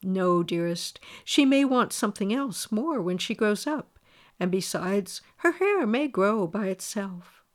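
A woman's voice: medium pitch, expressive, measured pace, natural voice. Woman voicing a firm storybook king. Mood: tender. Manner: firm, lecturing, then tender.

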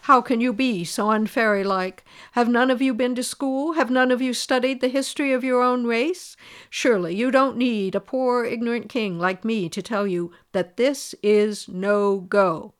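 A woman voicing a storybook king who lectures firmly and reasonably, in a smooth voice. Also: on the high side, fairly even intonation, moderate pace, natural voice. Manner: firm, lecturing, then tender.

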